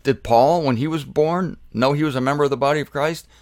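A man's voice: a little high, brisk, a little mellow, no room sound, clean studio sound. A man preaching a sermon, emphatic, posing rhetorical questions and answering them himself.

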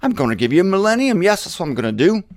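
Casting: male preacher doing God as a breezy, lofty deity, higher pitched, dry close sound. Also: big pitch swings, rapid-fire, dry recording. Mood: playful. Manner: theatrical, breezy and condescending. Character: God as a jaunty, plummy-accented male deity.

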